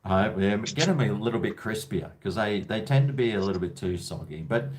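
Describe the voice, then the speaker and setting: Low-voiced Australian man hosting call-ins. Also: animated, a little fast, a little hiss or hum. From Brisbane, Australia. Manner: jokey, blokey banter. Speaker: host of a call-in livestream. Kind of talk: casual call-in chat.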